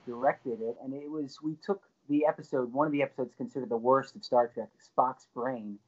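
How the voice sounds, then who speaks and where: Lively male storyteller, muffled sound. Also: medium pitch, a little fast. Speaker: actor and co-author guest. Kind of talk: storytelling interview. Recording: dull lo-fi recording.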